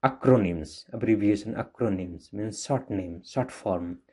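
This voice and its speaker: A man with an Indian English accent teaching a grammar lesson to children, explaining slowly and repeating himself. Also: fairly low pitch, mellow, breathy edge. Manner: slow, repetitive explaining with restarts.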